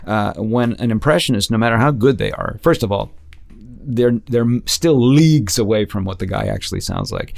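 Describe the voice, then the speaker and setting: A man chatting as a guest, his voice carrying a light gravelly fry. He tells his stories with animated energy and slips into quick quoted voices now and then. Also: on the low side. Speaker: guest impressionist and actor. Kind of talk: casual interview storytelling.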